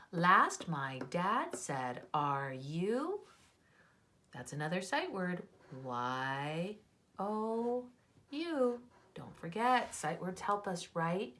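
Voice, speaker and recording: A woman teaches young children to write, speaking slowly and with lots of pitch movement. She sounds out letters one by one and exaggerates her tone to show how a sentence should sound. Her voice sits a little low for a woman.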